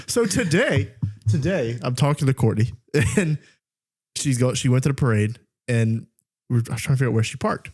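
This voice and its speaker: A man's voice: medium pitch, animated, normal speed, darkish tone, breathy edge. A young man co-hosting a podcast, telling stories in casual chat, often laughing and mimicking a voice assistant. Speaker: podcast co-host.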